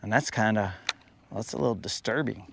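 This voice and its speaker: A brisk man with a lowish voice and vocal fry runs a live fishing stream from a boat on a lake, joking and needling chat viewers with over-the-top complaints. The outdoor stream carries faint sounds of the boat and water.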